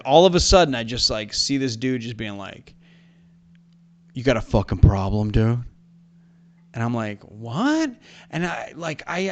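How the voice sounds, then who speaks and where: A man's voice: medium pitch, a bit bright. A young man co-hosting a podcast, telling a rambling story with many restarts while tipsy from whiskey. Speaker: podcast co-host. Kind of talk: casual chat.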